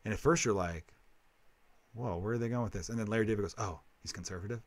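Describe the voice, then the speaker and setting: A man's voice: lowish voice, fast, no room sound. A man who is a comedian, hosting a casual podcast chat, rambling and swearing as he trips over his own sentences. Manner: rambling, profane, self-interrupting.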